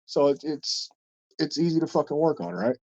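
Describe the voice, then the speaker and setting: A man's voice: fairly high pitch, fairly even intonation, normal speed, vocal fry, a little mellow, dry recording, lo-fi sound. A man hosting a podcast, telling a story in a casual, rambling way and swearing constantly. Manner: blunt, heavy swearing, rambling. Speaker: podcast host and wrestler.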